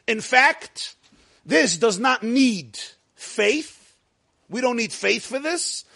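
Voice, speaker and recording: High-voiced man lecturing a class. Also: animated, slow, gravelly, pushed and bright. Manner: asks the class questions and answers them himself, jokes with them. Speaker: rabbi teaching a class.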